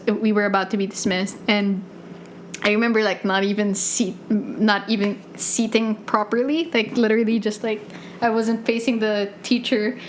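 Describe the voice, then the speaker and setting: Recorded on a USB desk mic with slight background noise, this podcast host is a young Filipino woman in her 20s with a medium-pitched voice. She shares personal anecdotes casually, poking fun at herself and laughing frequently.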